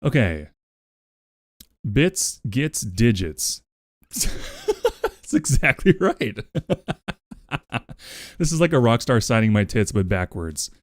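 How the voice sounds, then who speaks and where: This is a medium-pitched male voice, recorded dry and at studio quality. On his live stream he chats loosely with viewers, wandering off on tangents, swearing without restraint, and gushing repeated thanks.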